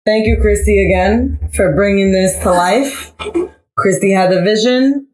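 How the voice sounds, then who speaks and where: A woman co-hosting a podcast, telling a personal story in a relaxed, heartfelt way and often repeating herself. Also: mid-range voice, unhurried, poor audio. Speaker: podcast co-host. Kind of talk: casual storytelling among friends.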